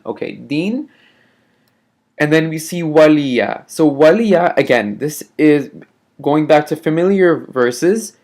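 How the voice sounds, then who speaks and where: A man teaching a classroom lesson, patient and careful, repeating words slowly and checking in often with short questions. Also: a little high, darkish tone.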